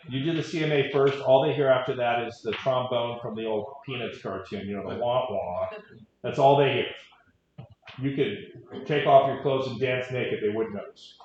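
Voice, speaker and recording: A man coaching real estate agents in a casual, wry way, telling stories as he teaches. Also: mid-range voice. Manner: conversational, wry asides. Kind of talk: training talk with stories. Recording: echoey, dull room audio.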